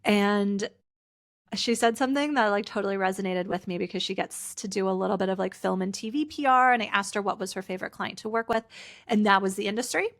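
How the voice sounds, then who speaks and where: Speaking fast in a mid-range, fairly bright voice, a Canadian woman hosts her own casual podcast and coaches people on personal branding. She rambles with lots of "like" fillers, tired and somewhat teary, laughing even as she cries.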